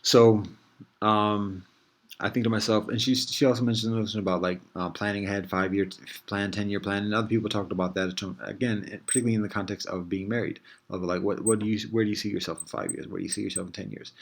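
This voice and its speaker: Meandering man musing aloud, low-voiced. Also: fairly even intonation, quick pace, creaky. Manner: meandering, thinks aloud with frequent restarts; easygoing, conversational slang. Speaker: host. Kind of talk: casual reflective monologue.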